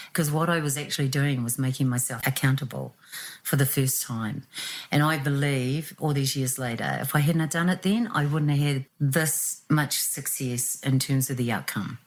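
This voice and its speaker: Low-voiced New woman telling her story. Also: normal speed. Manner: animated, acts out quotes with laughs. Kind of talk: reflective personal storytelling.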